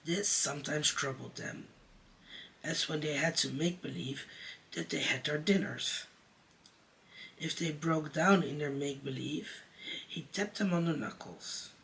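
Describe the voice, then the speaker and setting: A man's voice: fairly high pitch, vocal fry, a bit bright, distant mic, a little hiss or hum, low-quality recording. A man who performs in drag, reading a children's classic aloud chapter by chapter as a storyteller. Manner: slow, deliberate reading.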